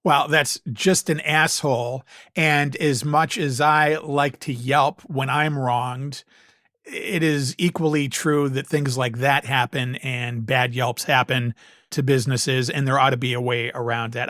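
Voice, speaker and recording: A man's voice: medium pitch, fairly even intonation, measured pace, a bit bright, no room sound, studio quality. A man co-hosting a podcast in casual chat, blunt and profane with his opinions. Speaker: podcast co-host.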